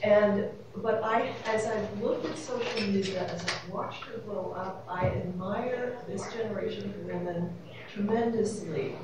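A woman's voice: mid-range voice, unhurried, background noise. A woman, a panelist telling a rambling, wry anecdote with laughs. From New York City. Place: convention panel room, echoey. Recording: echoey room from far off, audience murmur.

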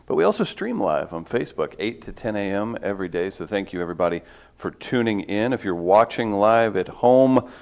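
A man hosting a morning podcast from a studio, with casual banter and a dry, deadpan sense of humor. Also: on the low side, fairly quick, creaky. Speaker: podcast host.

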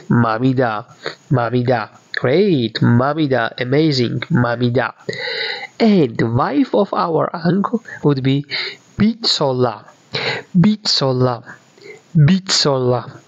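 Slow Georgian-accented male language teacher. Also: medium pitch, gravelly, no room sound. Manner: patient, repeats words many times. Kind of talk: slow beginner language lesson. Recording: dull, dry lo-fi audio.

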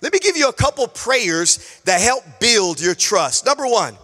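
A male pastor preaching a sermon, telling a personal story in an animated way, acting out conversations and repeating key phrases. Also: very high-pitched, moderate pace, in a large hall, faint music behind. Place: church sanctuary.

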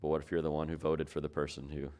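A man's voice: extremely low pitch, monotone, quick pace, a little mellow. A man preaching a sermon as pastor, talking it through in a conversational way and asking his listeners rhetorical questions.

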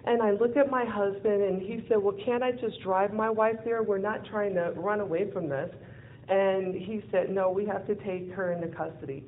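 A woman speaker at a live event, telling a personal story in an animated way, acting out the dialogue and laughing often. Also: medium pitch, moderate pace. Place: event venue in front of an audience. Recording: tinny phone-like lo-fi audio with faint hiss.

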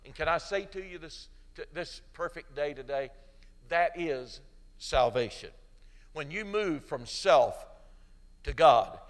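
A middle-aged man preaching a sermon as pastor, swinging from loud emphatic peaks to soft pleading, and leading an altar-call prayer. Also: on the high side, lively intonation, takes it slowly, in a large hall.

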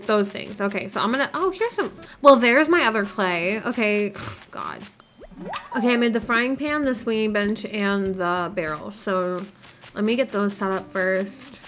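A woman's voice: medium pitch, a bit bright. A woman giving casual gameplay commentary, chattering in a scatterbrained, self-deprecating way. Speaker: gaming YouTuber.

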